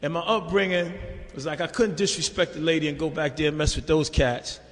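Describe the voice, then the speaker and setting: A man's voice: a little high, fairly even intonation, fairly quick. Streetwise older New man in a hall. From New York. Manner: streetwise, loose and conversational, constant "you know". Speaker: speaker sharing at a recovery meeting. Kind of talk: recovery testimony. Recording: reverberant hall.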